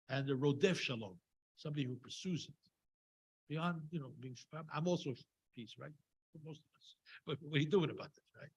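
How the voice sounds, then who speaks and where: Husky man giving a chatty sermon. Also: a little high, low-quality recording. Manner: conversational and digressive, with frequent fillers and wry asides. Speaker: speaker giving a Torah talk at a Shabbat service. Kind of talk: informal sermon retelling a scripture story. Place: synagogue service.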